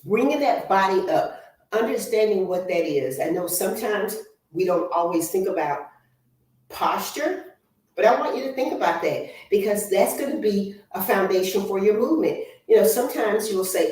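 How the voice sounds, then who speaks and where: A woman's voice: medium pitch, expressive, moderate pace, darkish tone. A woman leading an online workout class, counting reps aloud and coaching form in an encouraging way. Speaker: fitness instructor. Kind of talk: guided workout instruction. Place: home exercise room. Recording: echoey room, voice from far off.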